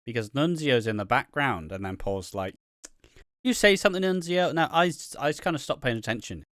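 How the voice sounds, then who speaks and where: A man's voice: mid-range voice, lively intonation, brisk, a bit bright, no room sound, clean studio sound. A young man co-hosting a casual wrestling review podcast, swearing a lot and laughing often. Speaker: podcast co-host.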